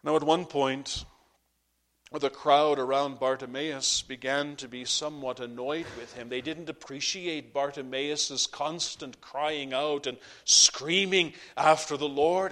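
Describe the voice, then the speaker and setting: A pastor preaching a sermon to his congregation, impassioned, swinging between loud peaks and hushed drops. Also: a little high, fairly even intonation, a little slow.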